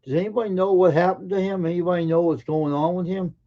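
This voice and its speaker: A man's voice: sits high, steady tone, quick pace, lo-fi sound. A man hosting a live stream in casual chat, greeting viewers by name and teasing them in an offhand way.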